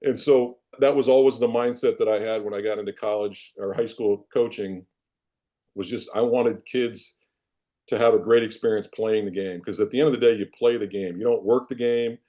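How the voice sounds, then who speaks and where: Speaking at a normal speed in a low, mellow voice, this Iowa-born former football player and coach shares sports stories as a podcast interview guest. His casual anecdotes are animated and poke fun at himself.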